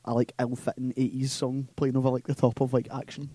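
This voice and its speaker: A man in casual podcast banter, with a warm, mellow tone. He laughs often and drops sarcastic asides as he chats with his friends. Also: mid-range voice, flat delivery, fairly quick, dry recording. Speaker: podcast co-host. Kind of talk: casual chat.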